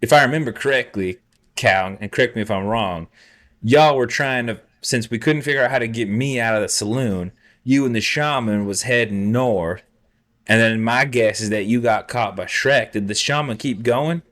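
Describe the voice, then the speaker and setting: A man's voice: medium pitch, normal speed, a bit bright, natural voice. A man playing a laid-back, friendly cowboy with a put-on drawl who stumbles over his words and swears casually. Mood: easygoing.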